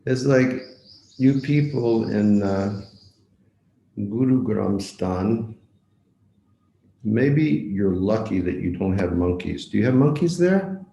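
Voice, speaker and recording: A man's voice: fairly low pitch, animated, slow pace, vocal fry, pauses often, mellow, reverberant, muffled recording. A man giving a devotional lecture as a visiting monk, telling a story, repeating words for emphasis and asking his listeners direct questions. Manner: asks the audience direct questions.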